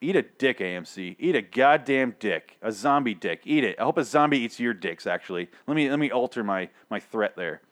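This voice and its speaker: A man's voice: mid-range voice, expressive, brisk, hardly any pauses, fairly bright tone. Profane ranting podcast host, a man. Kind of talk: solo TV recap rant.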